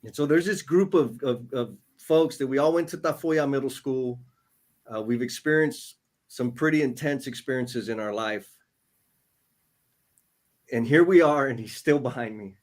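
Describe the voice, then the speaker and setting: A man's voice: medium pitch, normal speed. A man in his thirties co-hosting a casual livestream, reading viewer comments aloud and getting choked up and emotional. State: emotional, near tears. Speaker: co-author and livestream co-host.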